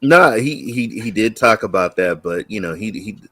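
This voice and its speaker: A man chatting as a guest on a live stream, relaxed and amused. His voice sits low and sounds dry and close, with no room sound. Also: moderate pace, no room sound. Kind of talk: casual live-stream chat.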